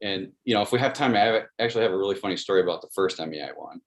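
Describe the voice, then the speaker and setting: A man in his thirties talks as an interview guest in a lowish voice. He is earnest and friendly and tells stories at an everyday pace. He restarts his sentences often and leans on "you know". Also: rapid-fire. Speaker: guest, sports video producer. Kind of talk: casual interview storytelling.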